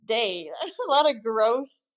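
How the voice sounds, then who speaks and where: A woman co-hosting a podcast, reacting with quick giggly interjections in a casual chat. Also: fairly high pitch, lively intonation, fairly bright tone. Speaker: podcast co-host.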